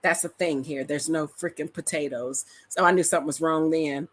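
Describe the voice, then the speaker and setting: A middle-aged woman from Detroit with an African American Detroit accent, chatting casually to camera in an animated, slangy, storytelling way. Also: sits low, normal speed. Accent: African American Vernacular English, Detroit. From metropolitan Detroit, USA. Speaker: vlogger. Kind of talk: casual reaction chat to camera.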